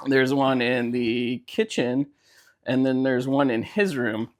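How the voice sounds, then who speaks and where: A man's voice: mid-range voice, steady tone, slow. A man co-hosting a casual podcast, telling a loose, rambling story full of fillers. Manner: rambling, laid-back storytelling with filler words. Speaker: podcast co-host. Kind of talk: casual chat.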